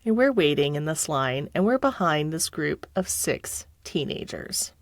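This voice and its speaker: A woman's voice: low voice, very animated, measured pace, dry recording, clean studio sound. A middle-aged woman telling a story as a podcast guest, laughing often and acting out the people she quotes. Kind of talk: casual storytelling.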